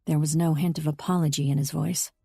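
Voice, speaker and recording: Woman reading an audiobook, lowish mellow voice, dead dry recording. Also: level tone, brisk, gravelly, breathy edge, no echo, faint music behind. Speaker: audiobook narrator. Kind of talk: scripted first-person narration.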